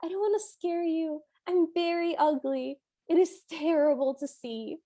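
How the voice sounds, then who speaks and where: A woman's voice: very high-pitched, normal speed, mellow, pitched above the performer's own voice. A woman voicing a shy young woman who apologizes for her looks, from a film she is recapping. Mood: apologetic. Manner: apologetic, timid.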